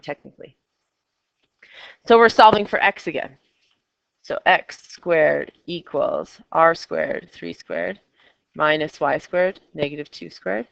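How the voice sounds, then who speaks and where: A woman's voice: on the low side, a bit bright, no echo, lo-fi sound. A woman teaching a math class, chatty and coaxing her students with questions. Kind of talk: classroom lecture.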